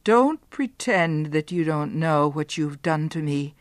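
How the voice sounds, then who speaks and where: An anguished young man, voiced by a woman reader, intense and hushed. He talks slowly. The sound is dry, with no room around it. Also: sits low, animated, dry recording. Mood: angry.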